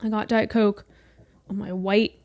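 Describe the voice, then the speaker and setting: A woman's voice: mid-range voice, flat delivery, a little slow, darkish tone. A young woman in her twenties hosting her own podcast, chatting casually in a rambling, self-deprecating way. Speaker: podcast host. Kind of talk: casual solo podcast chat. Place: small room at home. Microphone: podcast mic.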